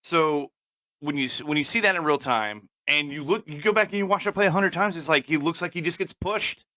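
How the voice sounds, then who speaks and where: Man, bright forceful voice, casual rant, swears a lot, dry room. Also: a little high, fairly quick, no echo. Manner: heated, swears freely, builds to angry outbursts. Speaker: podcast co-host. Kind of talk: casual opinion talk.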